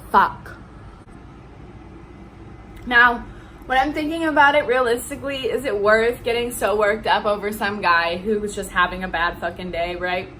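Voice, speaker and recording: A young woman vlogger rants to her viewers, heated, profane and emphatic. Her voice is medium-pitched, bright and forceful, delivered at a measured pace with long pauses. The audio is poor, with slight background noise.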